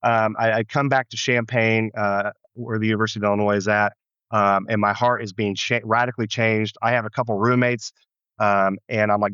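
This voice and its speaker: American male pastor, interview guest; low-ish, reflective, restarts often; dry, muffled lo-fi audio. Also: little pitch movement, brisk, fairly bright tone, smooth, no room sound. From United States. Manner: earnest, reflective, many restarts. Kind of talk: storytelling interview answer. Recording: dull muffled lo-fi sound.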